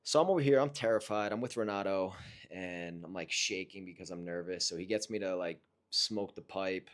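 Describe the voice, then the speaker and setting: Man, low-pitched, earnest and reflective, casual first-person storytelling with halting restarts. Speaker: vlogger recounting a personal experience.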